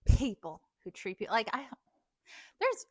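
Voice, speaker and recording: A woman's voice: fairly high pitch, huge pitch swings, normal speed, no room sound. A young woman ranting to camera in a storytime vlog, heated and profane, mocking the people she talks about. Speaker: vlogger. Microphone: desk microphone.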